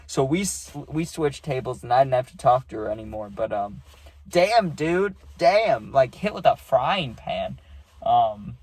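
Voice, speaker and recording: A man's voice: medium pitch, expressive, unhurried, darkish tone, dry recording. A young man casually telling a story in a rambling, slangy way, cursing and saying dude a lot.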